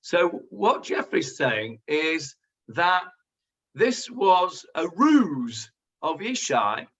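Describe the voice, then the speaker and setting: Bright-voiced rabbi teaching a class. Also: male voice, a little high, very animated, very slow. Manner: thoughtful, hesitant with many fillers. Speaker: rabbi leading a Bible class. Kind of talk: teaching and discussing with students. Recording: lo-fi recording.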